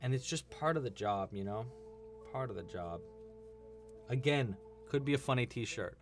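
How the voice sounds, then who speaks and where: A man's voice: medium pitch, animated, normal speed, faint music behind. A young man from Southern California with a Californian accent, hosting a casual crochet livestream, goofy and laughing as he chats with viewers. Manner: goofy, laughing, chatty with viewers, puts on silly voices.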